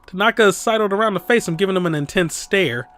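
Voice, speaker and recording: A man's voice: sits high, fast, a bit bright. A man hosting a let's play, reading the game's text aloud and chatting in an amused, playful way. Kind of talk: casual game commentary and reading aloud.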